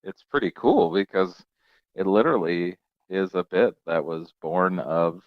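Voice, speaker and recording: A man chatting casually as a podcast guest, playful and quick to laugh. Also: low-pitched, narrow, tinny audio.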